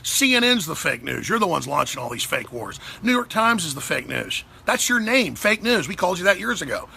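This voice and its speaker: A man hosting a talk show, delivering a heated, sarcastic political rant with big swings in pitch and pace. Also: big pitch swings, brisk, creaky, sharp tone, breathy edge.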